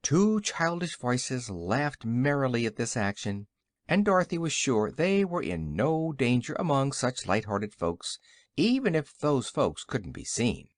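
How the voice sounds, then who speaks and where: Brief: male audiobook narrator, animated storyteller, dead-dry close mic. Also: medium pitch, a little slow, dry recording. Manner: expressive storytelling. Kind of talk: scripted narration.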